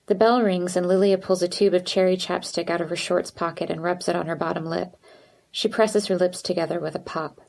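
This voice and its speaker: A woman reading a first-person audiobook in an even, measured way. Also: fairly low pitch, vocal fry. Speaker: audiobook narrator.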